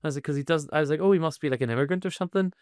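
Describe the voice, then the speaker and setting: A man co-hosting a podcast, recapping an episode in an animated, sweary chat and laughing often. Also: a little high, racing, clear, resonant tone, dry recording, studio quality. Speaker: podcast co-host.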